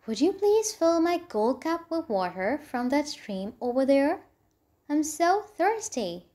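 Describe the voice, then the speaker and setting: A woman's voice: high voice, expressive, measured pace, a little mellow. A woman voicing a kind, trusting young princess who speaks in a friendly, polite tone in a storybook reading. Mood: gentle.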